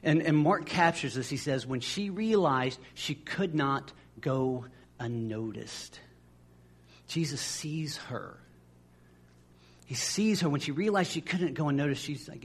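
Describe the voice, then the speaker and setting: Male pastor, husky and fairly high, chatty sermon that stumbles and restarts, acts out the voices in his stories. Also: a little slow. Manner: conversational, repeats words as he restarts phrases.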